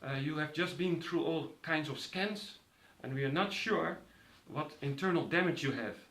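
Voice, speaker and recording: A woman's voice: sits low, normal speed, a bit bright. A man quoting a firm hospital nurse. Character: calm hospital nurse, woman, adult. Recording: roomy echo.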